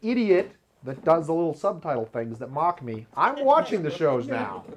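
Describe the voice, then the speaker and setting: A man's voice: moderate pace, crowd noise. A man hosting his own show, talking in a rambling, self-mocking way and often laughing at his own jokes. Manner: lively pitch jumps when acting out quotes. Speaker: video show host. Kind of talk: casual comedic monologue. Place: home studio with black curtain behind.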